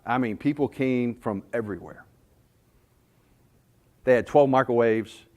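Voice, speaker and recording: A man from North Carolina presenting to a sales audience. He talks in a folksy storytelling way, weaving anecdotes into his points. His voice sits at an ordinary middle pitch. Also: a little slow, darkish tone. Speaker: sales trainer. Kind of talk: conference presentation.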